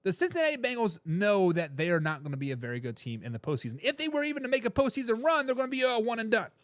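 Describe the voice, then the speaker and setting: Male sports talk host, high and very animated pitch, emphatic and repetitive, dry close sound. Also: rapid-fire, dry recording. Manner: emphatic, repeats his points; laughs between remarks. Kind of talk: casual sports commentary, reading viewer comments.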